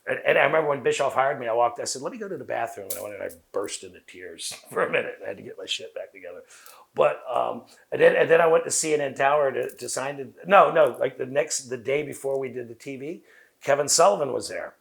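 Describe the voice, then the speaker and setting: A man with a Southern US accent, a guest in an interview, telling long profane stories full of quoted dialogue at a rapid clip. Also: mid-range voice, creaky. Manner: fast talker. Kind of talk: casual interview storytelling.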